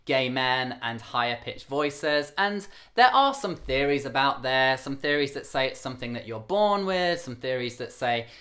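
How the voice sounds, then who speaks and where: Young man with a light camp rasp. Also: animated, normal speed, hardly any pauses, sharp tone. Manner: earnest, candid; higher-pitched male voice held lower for camera. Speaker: vlogger. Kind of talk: talking to camera.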